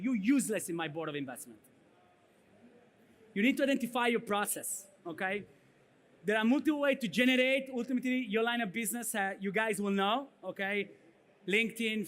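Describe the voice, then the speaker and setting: A man with a thick Italian accent delivers a conference keynote in a high voice. He speaks bluntly and punchily. He keeps checking in with the audience with "right?" and "okay?". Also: fairly bright tone. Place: conference stage.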